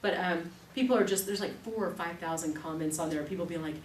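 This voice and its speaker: A woman in her thirties teaching an evening class, chatty and animated, telling stories with quick laughs. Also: lowish voice. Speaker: class instructor. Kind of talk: live classroom demonstration. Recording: echoey room, distant mic, faint noise.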